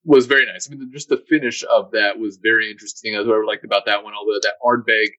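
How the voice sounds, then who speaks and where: A man's voice: lowish voice, fairly even intonation, quick pace, sharp tone, dry recording, dull audio. A man co-hosting a podcast in casual chat, often stammering and repeating words. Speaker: podcast co-host.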